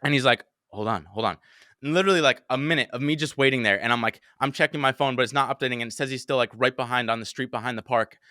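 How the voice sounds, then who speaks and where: A young man tells a story on a podcast in an animated, profanity-laced way. His voice is bright and forceful. The sound is dry and close, with no room echo. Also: mid-range voice, fast. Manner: animated, swears often, acts out his own panicked quotes. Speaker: podcast host telling a story. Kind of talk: casual storytelling chat.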